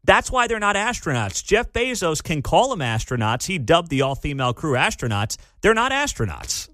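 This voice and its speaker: A man's voice: fairly high pitch, expressive, normal speed, fairly bright tone, no room sound, studio quality. Sarcastic ranting talk-radio man. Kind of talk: opinionated talk radio commentary.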